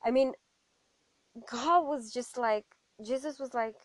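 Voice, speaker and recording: A young adult woman giving a personal faith testimony in an animated storytelling way, acting out what other people said to her. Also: sits high, slow pace, no room sound. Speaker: testimony speaker.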